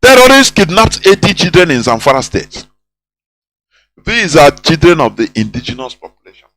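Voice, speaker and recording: A man hosts a radio talk show in a somewhat high voice. He preaches in an impassioned monologue, repeating himself and firing off rhetorical questions. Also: sing-song, moderate pace, a bit bright, dry recording, rough recording. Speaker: radio host.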